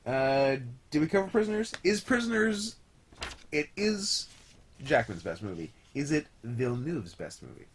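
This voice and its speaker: A man's voice: on the high side, sing-song, normal speed, a little hiss or hum. A man co-hosting a podcast, chatting casually with a joking, irreverent manner and frequent laughs. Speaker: podcast co-host. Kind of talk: casual chat.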